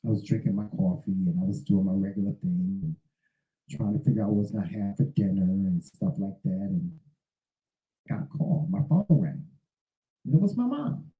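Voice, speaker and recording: A man's voice: on the low side, normal speed, pauses often, roomy sound, narrow, tinny audio. A man in his fifties hosting a talk show, speaking in a casual monologue that rambles and repeats words. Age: 50s. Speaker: show host.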